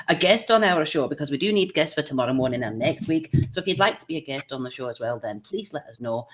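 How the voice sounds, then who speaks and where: A woman's voice: sits low, expressive, quick pace, noisy background. A Scottish woman hosting a casual live-stream show, bubbly and cheeky, laughing often. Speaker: livestream show host.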